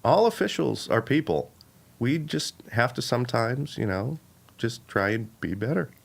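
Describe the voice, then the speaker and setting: A man doing a hesitant, mild impression of a bland male league commissioner who pauses a lot. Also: mid-range voice, animated, creaky. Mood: meek.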